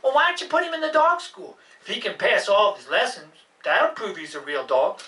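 A woman's voice: mid-range voice, very animated, brisk, a bit bright, reverberant. A woman voicing a cheerful, eager puppet dog in a live puppet show, recorded from a distant mic. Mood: helpful. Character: cheerful pink puppet dog with purple nose.

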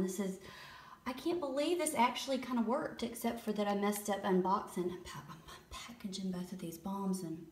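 A middle-aged woman, gushing over a bath product demo and shifting between hushed whispers and excited exclamations. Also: medium pitch. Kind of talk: casual demo commentary. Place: bathroom by a tub. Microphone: handheld camera held away. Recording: echoey bathroom, mic at a distance.

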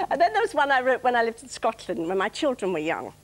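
A woman's voice: a little high, sing-song, fast, hardly any pauses, low-quality recording. A middle-aged woman, a studio guest, chatting about her hobby and reading her own light, humorous poems. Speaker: guest poet. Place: television studio.

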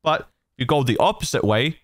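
With lively intonation and a normal pace, this mid-range male voice belongs to a host showing off his audio mixer's voice effects in a casual tutorial. He's chatty and laughs at his own silliness, and the studio broadcast mic gives a dry recording.

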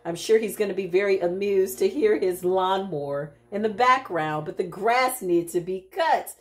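A woman's voice: medium pitch, normal speed. A woman giving a casual spiritual tarot reading, talking straight to her viewers in a chatty way with frequent tag questions. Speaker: intuitive spiritual reader.

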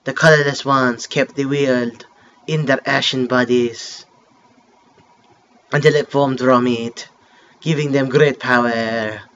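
A man putting on a hushed mock-French creature narrator. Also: medium pitch, fairly even intonation, takes it slowly, pauses often, dull audio, slight background noise, pitched below the performer's own voice. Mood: solemn, hushed. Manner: hushed, dramatic storytelling. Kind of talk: reading game text aloud.

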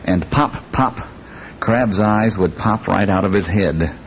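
Low-voiced man telling a children's story. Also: a loud crowd, poor audio. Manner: slow, lilting, inviting the audience to join in. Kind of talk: children's story read aloud with sing-along parts.

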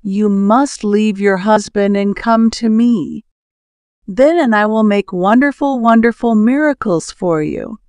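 A woman voicing a scheming rich man in a storybook reading, speaking slowly and persuasively. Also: medium pitch, a little mellow, no room sound, lightly acted. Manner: persuasive, smooth-talking. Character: scheming rich man tempting a neighbor's wife.

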